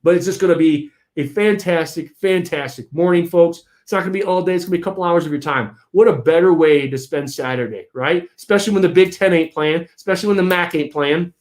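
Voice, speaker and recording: High-voiced fired-up man rallying supporters. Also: fast talker, hardly any pauses. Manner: energetic and emphatic, repeats rallying phrases. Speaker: host of a political movement channel. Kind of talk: fired-up pep talk to supporters.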